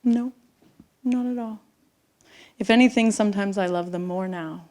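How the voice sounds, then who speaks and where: A woman's voice: medium pitch, moderate pace, a little mellow. A middle-aged woman telling a personal story live onstage, sometimes dropping to a near-whisper. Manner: intimate, drops to near-whispers at tender moments. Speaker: storyteller on stage. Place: theater stage before an audience.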